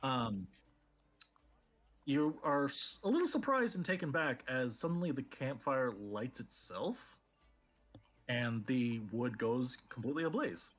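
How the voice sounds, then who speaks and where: A man's voice: mid-range voice, sing-song, unhurried, fairly bright tone. A man narrating as game master of a tabletop game, talking hesitantly with many fillers.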